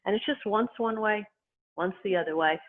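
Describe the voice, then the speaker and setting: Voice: medium pitch, slight background noise. Qigong teacher on a tinny line. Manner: calm, unhurried cueing in short phrases. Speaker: qigong instructor. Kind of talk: guided movement and breathing instruction. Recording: tinny phone-like sound.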